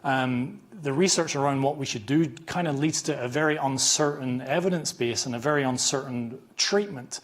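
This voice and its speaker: A man's voice: mid-range voice, moderate pace, few pauses. Scratchy-voiced Northern Irish male lecturer. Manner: informal, self-deprecating, many restarts. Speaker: conference speaker, chiropractor. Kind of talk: academic conference lecture. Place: lecture hall.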